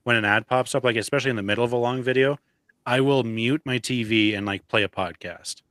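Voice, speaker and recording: A man's voice: mid-range voice, brisk, fairly bright tone, clear, resonant tone, dry recording. A man co-hosting a movie review podcast, chatting casually with dry teasing and frequent chuckles. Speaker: podcast co-host.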